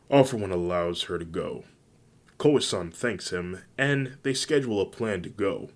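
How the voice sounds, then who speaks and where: Slow deep-voiced man reading a story. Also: animated. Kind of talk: reading fan fiction aloud.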